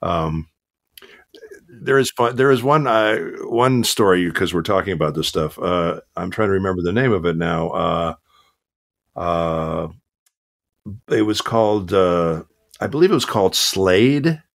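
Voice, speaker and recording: Low-voiced older man telling stories. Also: unhurried, gravelly. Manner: relaxed storytelling with many fillers. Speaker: voice actor guest. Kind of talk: casual interview chat.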